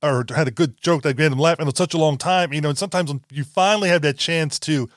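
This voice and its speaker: A man's voice: fairly high pitch, fast, no room sound, studio quality. A man in casual conversation about a horror film, talking in a rambling way with frequent restarts.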